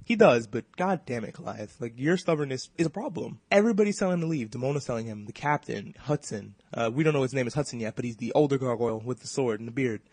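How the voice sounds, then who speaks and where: A man hosting a casual podcast, recapping a cartoon episode in a fast, profane, joking way. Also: mid-range voice, lively intonation, a little mellow, no room sound.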